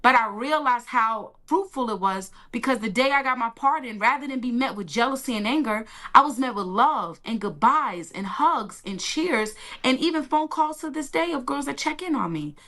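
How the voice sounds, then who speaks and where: A woman giving an emotional personal testimony in an interview, animated and colloquial, acting out the lines she quotes. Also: on the high side, moderate pace, hardly any pauses. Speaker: interview guest.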